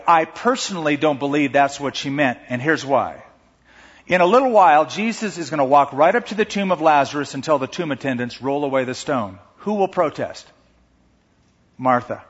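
Male pastor, fairly high and husky, animated sermon delivery; dull recording with long church reverb. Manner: animated, acts out the sisters' words with rising pitch and emphasis.

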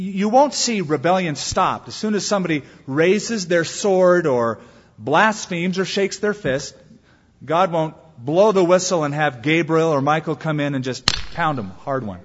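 A man delivers a sermon in a somewhat high, husky voice, pressing hard on key words and then sinking into quiet, low asides. The sound carries a long reverb from a large hall. The recording itself is dull and lo-fi. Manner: earnest preaching with wide swings in pitch and volume. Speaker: pastor.

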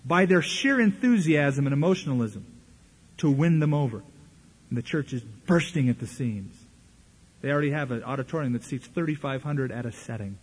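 A man's voice: medium pitch, lively intonation, moderate pace, slightly rough. A male pastor preaching a sermon, making dry, mocking asides.

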